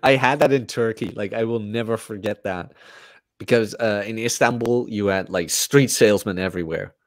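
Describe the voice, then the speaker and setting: A man's voice: lowish voice, normal speed, dry recording. A man from the Netherlands with a Dutch accent, a guest joking and telling stories in casual chat. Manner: joking storyteller, does animated voices in anecdotes.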